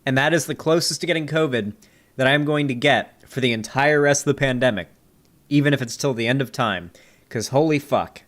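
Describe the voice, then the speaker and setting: A man's voice: mid-range voice, a little fast, a bit bright. Rambling, swearing male streamer. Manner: rambling, joking, heavy on fillers and swearing. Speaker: streamer reviewing a debate. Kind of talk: casual profane reaction commentary.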